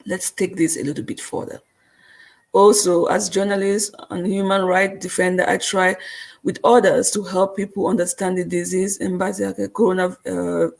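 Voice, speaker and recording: A woman's voice: medium pitch, creaky, husky. A woman hosting a live stream, reading viewer comments and speaking in an earnest, repetitive way, with a noticeable accent. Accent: non-native English.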